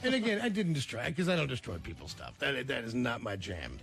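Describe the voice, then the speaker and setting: A man's voice: medium pitch, very animated, fairly quick, vocal fry, a bit bright, faint music behind. A man hosting a morning radio show, telling a rowdy story with lots of restarts. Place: radio studio.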